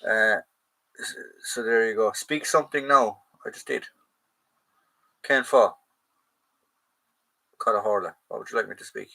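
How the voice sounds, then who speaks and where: A man's voice: on the low side, unhurried, creaky, long pauses, bright, forceful tone, low-quality recording. An Irish man hosting a casual livestream Q&A, chatting loosely, reading viewer comments aloud and answering them, and correcting himself as he goes. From Ireland. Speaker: host of a live chat stream.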